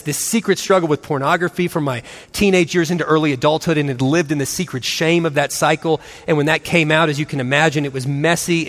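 A man's voice: on the high side, fairly bright tone, big-room sound. A man in his forties telling a story to an audience as a co-host, acting out the quotes and laughing often. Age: 40s. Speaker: pastor co-host of a marriage and parenting session.

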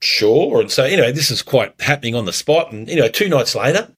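A man preaching as a pastor, telling a story earnestly before communion, lively when he retells it. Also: mid-range voice, quick pace, breathy edge.

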